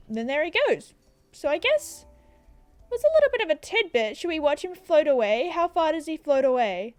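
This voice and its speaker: A woman's voice: high voice, big pitch swings, a little fast, no room sound, soft background music. A young Australian woman in her twenties, giving casual, self-deprecating gameplay commentary into a desk microphone in her apartment, laughing often. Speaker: gaming YouTuber. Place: apartment room.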